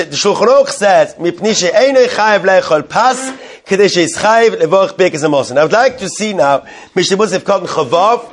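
High-voiced man teaching a halacha class. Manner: translates Hebrew terms into English as he teaches, asks questions to the class. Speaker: Torah teacher. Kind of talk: Talmudic-style halacha class.

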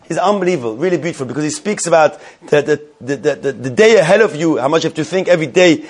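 A man with a slightly raised pitch teaches a Torah class. He reads each Hebrew line slowly, then paraphrases it in English, often starting his sentences over. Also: expressive, breathy edge.

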